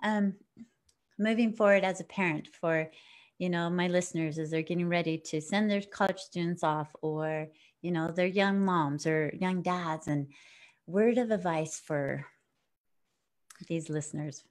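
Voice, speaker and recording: A woman's voice: fairly low pitch, unhurried. Upbeat woman hosting an inspirational show. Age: middle-aged. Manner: affirming and encouraging, warm-hearted sign-offs. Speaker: podcast host.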